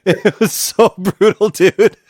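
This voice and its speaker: A man's voice: high-pitched, fairly even intonation, slow, a little mellow, no room sound. Laughing, swearing man on a dry mic. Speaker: podcast co-host. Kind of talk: casual banter.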